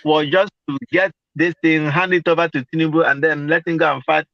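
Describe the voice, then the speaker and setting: A man's voice: fairly high pitch, steady tone, a little fast, fairly bright tone, no room sound. A man, co-hosting a casual political discussion, explaining hesitantly with many fillers. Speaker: podcast co-host. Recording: dry, dull lo-fi audio.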